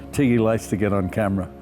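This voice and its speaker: Older actor, clear and projected. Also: male voice, fairly low pitch. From Australia. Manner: self-deprecating, laughs often. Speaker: actor interviewee. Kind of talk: reflective storytelling interview.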